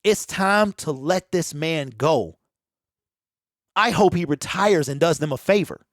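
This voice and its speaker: Fairly high in pitch and a little slow, this man gives an opinionated solo sports rant, animated and preachy, addressing viewers head-on in loose slang. There's no room sound and clean studio sound, even with a home desk mic that pops.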